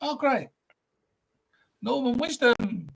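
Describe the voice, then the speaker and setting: A man's voice: very high-pitched, animated, takes it slowly, vocal fry, fairly bright tone, breathy edge. A man from the United Kingdom in casual podcast chat, reading out prices and names from old annuals. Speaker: podcast co-host.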